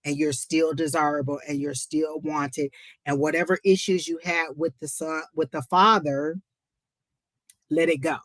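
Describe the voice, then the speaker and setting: A woman giving a live psychic reading, emotional and close to tears, warmly encouraging the viewer and calling her honey. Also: sits low, no room sound. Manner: talks to the chat as y'all. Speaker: psychic reader on a live stream.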